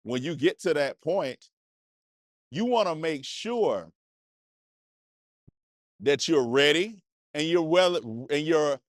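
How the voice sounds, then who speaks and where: A man's voice: a little high, expressive, slow, pauses often, no room sound, studio quality. A man vlogger giving a casual motivational talk, preachy and conversational. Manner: preachy, conversational, repeats and restarts phrases. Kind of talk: motivational monologue. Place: indoors, seated on a cushion.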